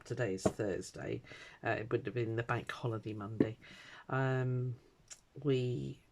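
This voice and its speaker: A middle-aged woman with a British English accent talks casually while vlogging from her craft desk at home, rambling and filling gaps with ums and uhs. She has a bass voice with a darkish tone.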